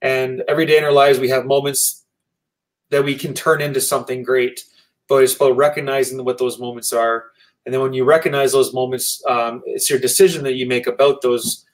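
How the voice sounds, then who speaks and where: Earnest Canadian man, mid-pitched. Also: level tone, poor audio. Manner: earnest, measured, keynote-like phrasing. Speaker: guest motivational speaker. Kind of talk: interview answers.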